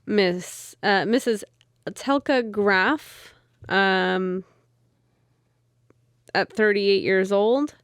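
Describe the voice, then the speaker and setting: A woman co-hosting a podcast, telling a story at a mid pitch and a relaxed pace with plenty of ums between facts. The sound is dry and close to the mic, with no room at all. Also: very slow, pauses often, smooth, no echo. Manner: narrates from notes with many ums, laughs easily. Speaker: podcast co-host. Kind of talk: casual chat, storytelling.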